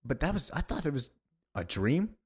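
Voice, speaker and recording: A man's voice: fairly high pitch, very animated, moderate pace, breathy edge, voice pushed up. A man voicing a troubled masked vigilante, talking in an intense, haunted inner monologue. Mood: tormented.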